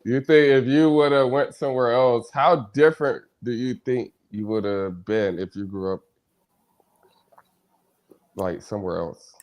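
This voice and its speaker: A man hosting a podcast interview, asking questions in a relaxed, conversational way. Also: mid-range voice, unhurried. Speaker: podcast host.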